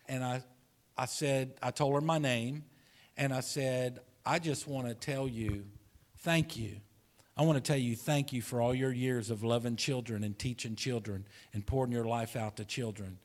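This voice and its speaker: Preaching in a church sanctuary, a man shares a personal story with his flock in a sincere, conversational tone. His voice sits at a middling male pitch with fairly even intonation and a moderate pace; he circles back on phrases to build his point and goes quiet and hushed when things turn tender.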